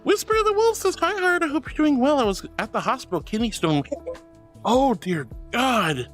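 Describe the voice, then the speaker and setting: Man, high voice, very lively pitch, affectionate, giggly, casual live-stream chat, faint music behind. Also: normal speed. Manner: affectionate and bubbly, calls viewers sweetheart and darling.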